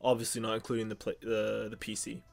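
A man's voice: lowish voice, completely flat delivery, fast, vocal fry, faint music behind. A young man from the Pittsburgh area co-hosting a podcast, rambling casually with lots of ums and restarts. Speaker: podcast co-host. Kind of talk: casual chat.

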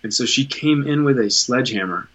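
A man in his thirties speaks as a podcast guest, earnest and candid, restarting sentences and swearing now and then. His voice is bright and forceful. The recording sounds dull and lo-fi. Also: medium pitch, lively intonation, a little fast, breathy edge. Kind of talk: candid conversational storytelling.

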